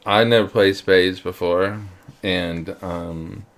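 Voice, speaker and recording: A middle-aged man co-hosting a casual podcast, rambling and halting with fillers. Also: sits low, steady tone. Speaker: podcast co-host. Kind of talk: casual chat.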